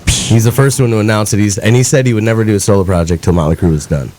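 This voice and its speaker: A man chatting as a guest on a radio show in an easygoing, conversational way. His voice sits very low. The tone is dark and mellow. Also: rapid-fire. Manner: laid-back, chatty. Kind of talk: casual radio interview.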